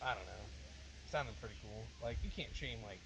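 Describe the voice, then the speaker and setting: A man's voice: lowish voice, normal speed, gravelly, background noise. A young man telling wild stories to friends in casual chat, swearing often and saying "dude" constantly. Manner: animated storyteller, swears a lot, says "dude" constantly. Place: outdoors, windy spot.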